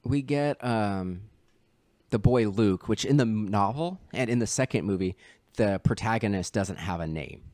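A man's voice: fairly low pitch, expressive, moderate pace, a little mellow, dry recording. A man co-hosting a podcast, talking loosely about a film with lots of fillers. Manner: rambling, many fillers, mimics characters in voices. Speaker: podcast co-host. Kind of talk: casual film review chat.

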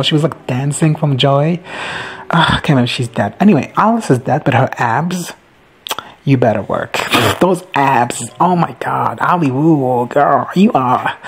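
Casting: excitable male recap vlogger, husky and mid-pitched, profane and gushing. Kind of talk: casual reaction recap.

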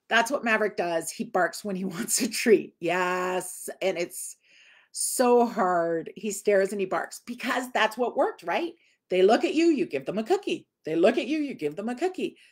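A woman dog trainer, answering viewer questions in a casual live lesson and often acting out what people say. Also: mid-range voice. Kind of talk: live Q&A teaching.

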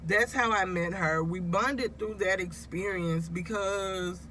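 A woman's voice: mid-range voice, takes it slowly, a bit bright, slight background noise. A woman vlogging in a casual, confiding way, emotional and close to tears, rambling and talking straight to her viewers. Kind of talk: casual confessional vlog.

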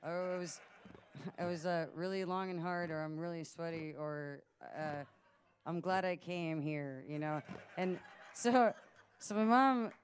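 A woman's voice: fairly low pitch, a little slow, smooth. A woman in her late twenties chatting casually from the stage of a small music venue, telling a rambling story with plenty of laughs. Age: late 20s. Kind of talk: casual stage banter at a live show.

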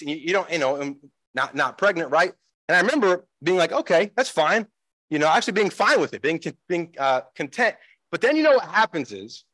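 A pastor, a man, preaching a sermon in an animated way, acting out the voices he quotes. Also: high voice, no room sound, low-quality recording. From United States.

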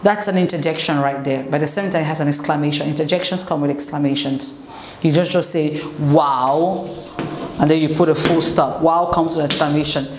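A woman English teacher giving a relaxed, conversational classroom lesson, mixing in French explanations. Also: low voice, quick pace. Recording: echoey room, faint noise.

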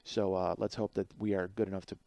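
A man in his forties hosting his own podcast, telling a rambling comic story that climbs higher and louder as he gets worked up. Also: flat delivery, quick pace. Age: 40s. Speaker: podcast host. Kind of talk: casual comedic monologue.

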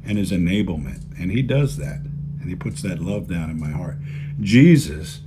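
Lower-voiced man preaching a folksy sermon. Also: expressive, a little fast, noisy background. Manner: folksy, repeats key phrases for emphasis. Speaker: pastor. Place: church video service.

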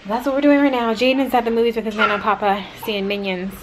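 A woman chatting casually to her camera at home, quick and full of fillers. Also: fairly high pitch, level tone, background noise. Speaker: vlogger, wife. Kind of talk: casual home vlog chat. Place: carpeted home room. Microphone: handheld compact camera.

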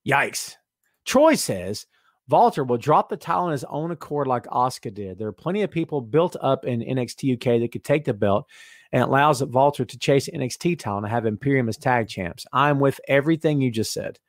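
A podcast host with a medium-pitched male voice talks a little fast in a casual live-stream chat, reading viewer comments out loud. He's excitable and jokey, speaking straight to the chat. The audio is clean studio sound with no room sound.

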